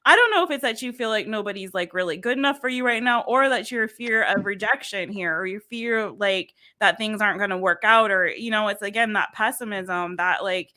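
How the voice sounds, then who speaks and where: A woman's voice: mid-range voice, fairly quick, few pauses, bright, forceful tone. A woman tarot reader chatting casually and playfully with lots of slang and laughter. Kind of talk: casual tarot reading chat.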